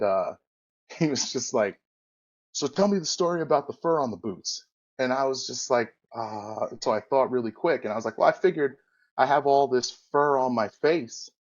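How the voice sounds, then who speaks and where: At a normal speed and medium pitch, a man who used to wrestle shares a long anecdote as a podcast guest, rambling and self-correcting while acting out dialogue. The sound quality is dull.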